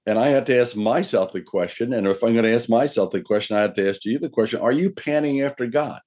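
A man preaching a sermon as pastor, earnest, slowing down to read scripture aloud. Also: mid-range voice, darkish tone. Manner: earnest preaching, slows and lifts his voice when reading scripture.

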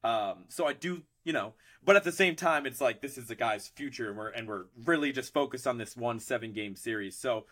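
A man hosting a sports podcast, talking casually in an animated, rambling way with many restarts. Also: mid-range voice, brisk, few pauses. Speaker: podcast host.

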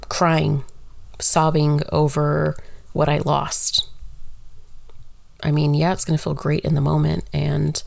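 A woman's voice: sits low, gravelly, darkish tone, no echo. A woman talking through a casual solo monologue, candid and rambling, swearing freely.

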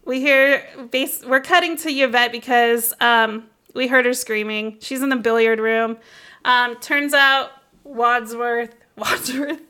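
A young woman hosting a casual film podcast, talking fast and excitably and often breaking into laughter. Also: a little high, smooth. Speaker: podcast host. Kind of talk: casual film-recap chat.

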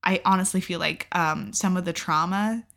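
A young woman recounts a personal story in a loose, unfiltered vlog style. Her voice sits a little low for a woman, and she swears freely and peppers her sentences with "like.". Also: steady tone, normal speed, vocal fry, fairly bright tone. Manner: candid and profane, with frequent "like" and laughs. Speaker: vlogger. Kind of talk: casual storytime.

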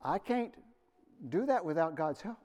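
A man's voice: fairly high pitch, expressive, measured pace. Earnest preacher man, rising and falling. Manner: earnest, storytelling with dramatic swings in loudness. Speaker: pastor. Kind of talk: sermon.

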